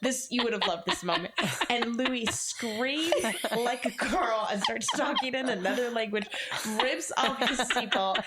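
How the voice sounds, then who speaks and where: A woman on a podcast telling a story in casual chat, acting out the people she quotes with sudden jumps in pitch. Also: lively intonation, unhurried, heavy background noise. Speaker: podcast co-host.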